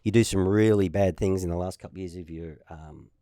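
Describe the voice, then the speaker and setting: A brisk, low voice comes through in studio quality with no echo. The speaker is an Australian former tennis player in his fifties, guesting in a casual chat and telling spirited stories while acting out what people said.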